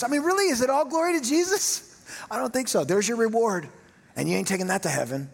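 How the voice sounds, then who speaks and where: A middle-aged man preaching a sermon, telling self-mocking stories in an animated way. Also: very high-pitched, quick pace, gravelly, slightly rough. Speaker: pastor. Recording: long hall reverb.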